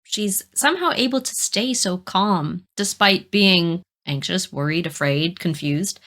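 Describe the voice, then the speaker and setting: A woman's voice: lowish voice, a little slow, fairly bright tone. A woman co-hosting a casual podcast, reflecting thoughtfully on characters from a TV episode. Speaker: podcast co-host. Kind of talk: casual chat discussing a TV episode.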